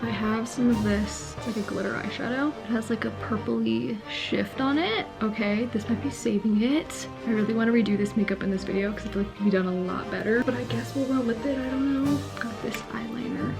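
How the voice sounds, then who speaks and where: A woman's voice: fairly high pitch, a little fast, creaky, few pauses. A young woman vlogging a casual get-ready-with-me in her bedroom, rambling and chatty with lots of "like" and frequent giggles. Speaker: beauty vlogger. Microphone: camera nearby, self-filmed. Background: faint pop music playing.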